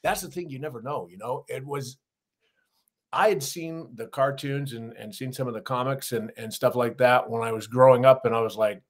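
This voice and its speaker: A middle-aged man, an actor and former wrestler, telling animated anecdotes in a casual interview and acting out the people he quotes. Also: medium pitch, moderate pace.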